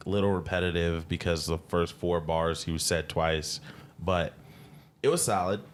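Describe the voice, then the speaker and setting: Deep-voiced man chatting on a podcast. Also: a little slow, slight background noise. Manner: animated, laughs often, mimics rapper voices. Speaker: podcast co-host. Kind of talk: casual chat.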